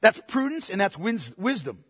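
A man's voice: high-pitched, sing-song, normal speed, a bit bright, breathy edge, no echo, studio quality, big-room sound. A man preaching a sermon, emphatic, repeating phrases for stress and asking the congregation questions. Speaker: pastor.

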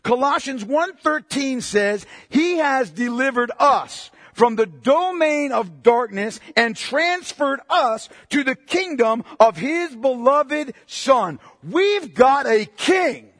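A male preacher with a strikingly high voice delivers an impassioned sermon, pressing his listeners with pointed questions. He drops to near-whispers, then builds to forceful declarations. His voice sounds dry and close, yet a long reverb trails behind it. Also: animated, slow pace, hardly any pauses. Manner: impassioned, swings from hushed to forceful.

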